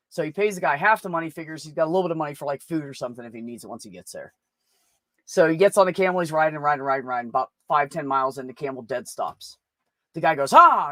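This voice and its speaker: A man with a slightly high voice tells crude jokes in a loose, rambling way, swearing often and chuckling at his own punchlines. The sound is close and dry, with no room around it. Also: a bit bright, no echo. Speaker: open mic host. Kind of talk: casual joke telling.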